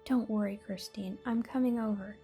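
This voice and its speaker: A frantic, lovestruck young count from a children's storybook, played by a woman and shouting his lines with urgent bravery. There is faint music under the voice. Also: medium pitch, steady tone, normal speed, natural voice.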